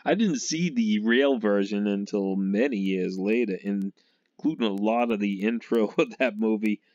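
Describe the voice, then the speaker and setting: A fairly low, slightly mellow male voice, speaking a little slowly, belongs to a Massachusetts sports fan vlogger. He meanders through a casual football monologue, laughing a lot and trailing off. The dull lo-fi recording has no echo.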